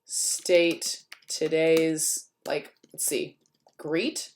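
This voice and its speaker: Low-voiced woman narrating a screencast. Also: fairly even intonation, drawn-out words, darkish tone, a little hiss or hum. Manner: chatty, thinking aloud. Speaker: teacher. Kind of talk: screencast tutorial. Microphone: computer mic while screen recording. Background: keyboard typing.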